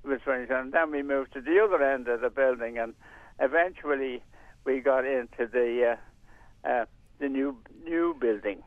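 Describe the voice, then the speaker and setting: An older man rambles on at a middle pitch, full of hesitations and restarts. His voice comes through a thin, tinny phone line. The sound is dry and close, with no room around it. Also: moderate pace, no echo. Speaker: community radio volunteer and presenter. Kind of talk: casual radio interview.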